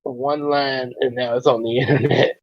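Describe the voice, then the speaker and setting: A man hosting a casual reaction chat, rambling and halting with many restarts. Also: medium pitch, steady tone, muffled recording. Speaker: host.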